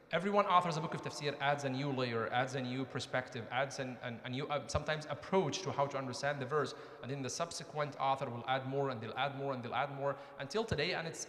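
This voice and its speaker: In a mosque hall with echoey, long reverb, a man gives a conversational lecture, often asking the audience questions. His voice is medium-pitched with a fairly bright tone.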